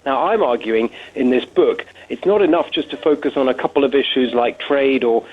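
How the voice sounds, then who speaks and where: Husky British man on a phone line. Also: mid-range voice, normal speed. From Britain. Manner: articulate, listing points in runs. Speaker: guest author. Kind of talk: radio interview.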